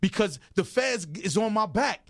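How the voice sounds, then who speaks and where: A man's voice: high-pitched, lively intonation, moderate pace, no room sound. A man talking as an interview guest in a radio studio, emphatic and full of stories, repeating phrases for emphasis. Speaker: interview guest, record executive. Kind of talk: animated radio interview talk. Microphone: studio microphone.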